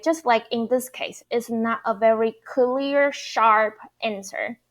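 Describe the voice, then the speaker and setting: A woman's voice: a little high, a bit bright. A woman in her thirties with a Taiwanese Mandarin accent, explaining Mandarin tones in an online lesson and repeating each example patiently. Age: 30s. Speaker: Mandarin teacher.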